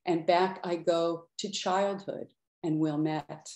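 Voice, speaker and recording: A middle-aged woman giving a slow, measured poetry reading with brief asides. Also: lowish voice, fairly even intonation, a little mellow, reverberant. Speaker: poet reading her work.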